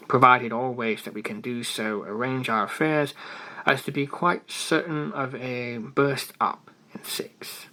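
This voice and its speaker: A bland, wheedling elderly editor, voiced by a man reading a story aloud. He coaxes in a bright, forward tone and lowers almost to a whisper on delicate points. He is evasive and never quite flustered. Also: low-quality recording.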